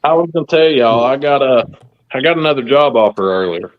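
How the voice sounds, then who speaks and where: A man's voice: medium pitch, expressive, a little fast, narrow, tinny audio. A man telling a crude story in casual chat, laughing as he goes.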